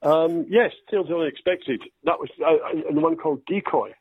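Relaxed and anecdotal, an older Scottish actor being interviewed tells stories that poke fun at himself, imitating others in lively voices. He speaks at a normal speed in a slightly high, husky voice, and the line is dry, tinny and phone-like.

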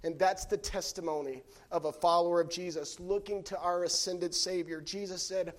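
A man's voice: high-pitched, fairly even intonation, moderate pace, hardly any pauses. A man in his thirties preaching a sermon as pastor, telling a playful story with acted quotes and building to fervent appeals.

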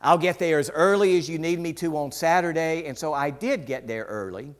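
A man, preaching a sermon that is full of stories, and acting out the quoted voices with big shifts in pitch. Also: a little fast. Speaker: pastor. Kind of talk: sermon with storytelling.

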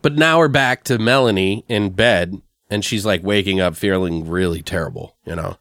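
A man's voice: deep voice, normal speed, no room sound, studio quality. A man casually recapping a movie, swearing and laughing often as he tells it. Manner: profane, laughs often, animated storytelling. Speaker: podcast host.

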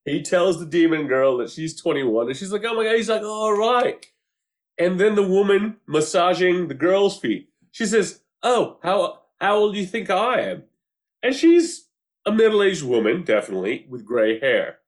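A man chatting casually and recapping a TV show, animated, acting out quotes, swearing freely and laughing often. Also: high voice, normal speed.

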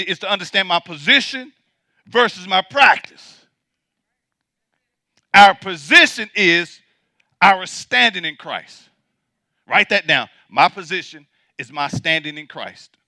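A male pastor preaching a sermon emphatically, repeating his points and swinging between loud declarations and quiet asides. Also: high-pitched, expressive, measured pace, long pauses, no echo, clean studio sound.

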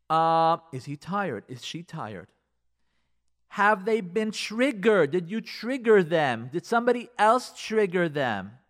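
A man, a rabbi, giving marriage advice in a casual, animated talk full of repeated rhetorical questions. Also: high-pitched.

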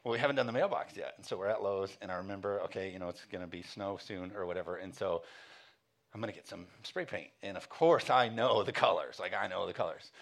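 A man's voice: low-pitched, fast talker. Casual, chuckling male pastor. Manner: casual storytelling, chuckling often; earnest exhortation. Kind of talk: sermon.

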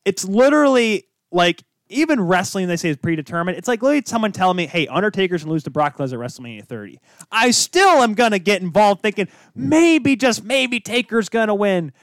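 A young man co-hosting a casual sports podcast chat, excitable and quick to get loud and emotional. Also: sits high, dry recording, clean studio sound. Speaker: podcast co-host.

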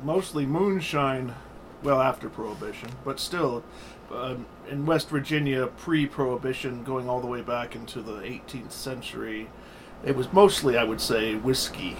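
A man co-hosting a podcast in casual chat, blunt and quick to swear. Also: medium pitch, a little hiss or hum, rough recording. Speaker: podcast co-host.

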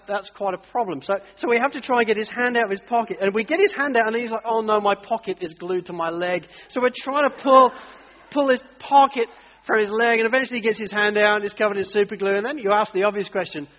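Male preacher, high voice, lively storyteller, recorded dull in a big echoing church. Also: husky. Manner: animated storytelling, acts out voices in stories. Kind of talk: sermon. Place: church hall. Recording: dull audio, long church reverb.

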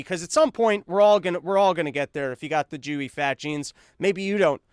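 A man's voice: high voice, no echo, clean studio sound. A man hosting a podcast, delivering a sarcastic, rambling comedic monologue. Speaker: podcast host.

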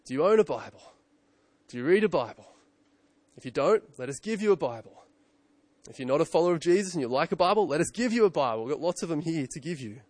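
A man's voice: a little high, expressive, quick pace, darkish tone, dry recording. A man in his thirties, a pastor preaching a conversational sermon full of rhetorical questions and self-corrections.

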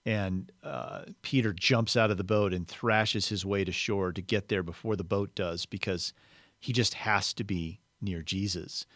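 A man's voice: lowish voice, fairly even intonation, a little slow, fairly bright tone, no room sound, studio quality. A man preaching a sermon, explaining a Bible passage in a conversational teaching manner.

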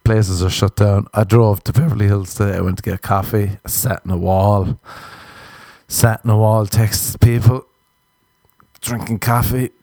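Male podcast comic, dark mellow tone, crude rambling delivery, dry close sound. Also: on the low side, fairly even intonation, measured pace, no echo. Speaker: podcast host. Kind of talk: comedic monologue. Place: Los Angeles.

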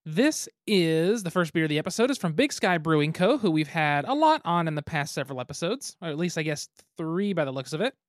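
A man hosting a board game podcast in a relaxed, chatty way, talking into a mic on a stand. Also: fairly high pitch, a little fast, hardly any pauses, no echo, studio quality. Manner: relaxed, chatty, laughs easily. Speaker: podcast host. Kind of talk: casual chat.

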